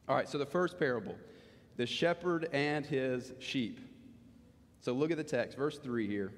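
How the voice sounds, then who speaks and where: A man preaching a sermon in earnest, slowing down to stress key lines. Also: mid-range voice. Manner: earnest, slows down for emphasis. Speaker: pastor. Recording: long hall reverb.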